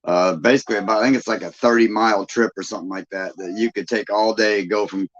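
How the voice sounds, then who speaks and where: A man's voice: fairly low pitch, steady tone, fast. A man from Michigan hosting a live stream, chatting casually and folksily with viewers and laughing often. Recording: dull lo-fi sound.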